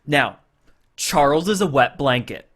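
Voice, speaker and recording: A man's voice: medium pitch, a little slow. A man co-hosting a podcast, casually reviewing a TV episode and acting out its scenes as he retells them. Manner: animated retelling, acting out quotes. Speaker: podcast co-host.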